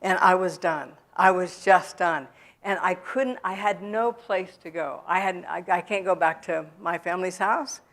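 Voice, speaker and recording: A woman's voice: on the low side, normal speed, a bit bright. A woman speaking in a church, telling her personal recovery story in a candid way, with many restarts and fillers. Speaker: speaker giving a testimony. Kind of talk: personal testimony talk.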